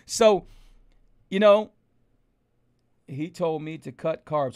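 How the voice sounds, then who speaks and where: A man hosting a casual livestream, animated and preachy, hammering home rhetorical questions to his viewers. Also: fairly high pitch, normal speed, long pauses. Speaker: host of a health livestream.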